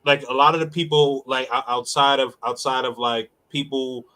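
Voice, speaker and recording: Bright-voiced man, halting casual talk. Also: mid-range voice, fairly even intonation. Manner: hesitant, many repeated fillers. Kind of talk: casual chat.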